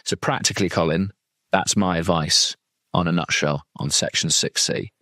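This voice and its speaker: A man's voice: sits low, steady tone, moderate pace, pushed and bright, dry recording, studio quality. A man, a legal trainer and former defence lawyer, talking through a case in a chatty, digressive way with plenty of asides. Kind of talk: conversational legal training talk.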